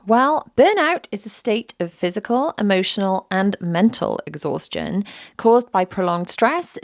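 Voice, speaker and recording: Hoarse British woman with a sore throat. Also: mid-range voice, no room sound, studio quality. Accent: British English. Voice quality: scratchy. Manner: chatty, breaks into whispers on a failing voice. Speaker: podcast host; mother. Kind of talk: casual solo podcast talk.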